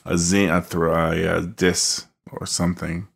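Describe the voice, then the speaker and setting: A man co-hosting a podcast, chatting casually and haltingly about a film. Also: sits low, little pitch movement, creaky, husky. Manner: hesitant, full of fillers and restarts. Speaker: podcast co-host. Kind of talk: casual film commentary chat.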